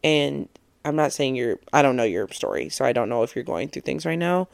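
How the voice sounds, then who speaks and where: Earnest young vlogger with gravelly voice. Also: medium pitch, expressive, brisk, no room sound. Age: 20s. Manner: earnest and reflective, laughs at own points. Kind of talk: casual encouraging monologue.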